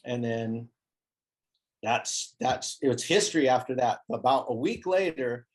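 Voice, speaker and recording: A man telling a story as an interview guest, animated and acting out the voices of people he quotes. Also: medium pitch. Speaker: interview guest, foil board maker. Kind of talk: casual storytelling.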